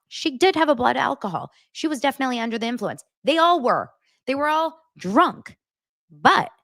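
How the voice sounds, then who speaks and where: A woman's voice: mid-range voice, a bit bright, no room sound, studio quality. A woman hosting a casual commentary vlog, talking frankly and chattily with frequent asides. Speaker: host.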